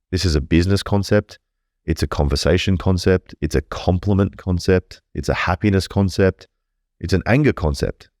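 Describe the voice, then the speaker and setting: Blunt, very deep-voiced man. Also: a little mellow, no echo, studio quality. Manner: blunt, profane and earnest. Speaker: podcast guest. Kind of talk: casual interview talk.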